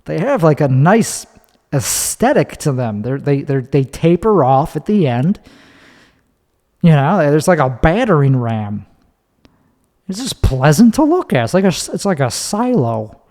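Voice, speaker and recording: Profane rambling man, slightly high voice. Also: sing-song, measured pace, darkish tone, long reverb tail. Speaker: podcast host. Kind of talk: solo podcast monologue. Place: recorded standing up.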